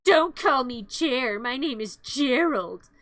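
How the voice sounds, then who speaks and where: A woman's voice: sits high, animated, takes it slowly, fairly bright tone, dry recording, exaggerated voice. A streamer putting on a smug skeevy businessman.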